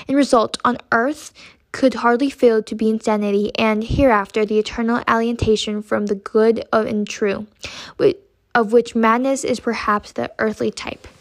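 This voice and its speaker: A woman reads a classic novel aloud at a steady, measured pace. Her voice sits somewhat high for a woman, and she stumbles over a word now and then. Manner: steady measured reading with occasional slips. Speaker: audiobook reader.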